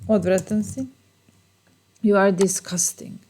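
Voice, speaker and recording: Slow patient lady teacher w/ serbian accent, lowish voice, says each line a few times. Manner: repeats each phrase slowly, explains patiently. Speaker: language teacher. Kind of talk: bilingual phrase lesson.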